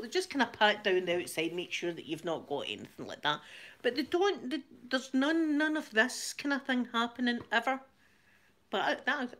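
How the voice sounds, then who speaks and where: A Scottish woman with a slightly bright voice on the high side hosts her channel, rambling through a story in casual chat. She laughs often and repeats words as she goes.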